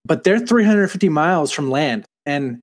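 A man's voice: on the high side, animated, normal speed. Utah guy cohosting a tv recap podcast, casual, trips over his words a lot. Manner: rambling, fillers and restarts. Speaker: podcast co-host.

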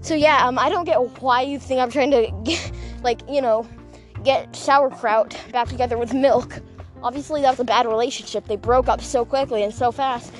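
High-voiced giggly rambling woman. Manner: rambling, giggly, full of fillers and self-interruptions. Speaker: podcast host. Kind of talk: casual storytelling chat.

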